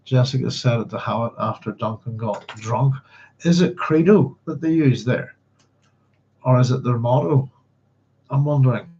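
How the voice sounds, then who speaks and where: A man's voice: mid-range voice, normal speed, dark tone, slight background noise. A man hosting a book club livestream, chatty and apologetic, humming to himself as he searches his notes. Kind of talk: casual livestream chat. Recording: slightly dull lo-fi sound.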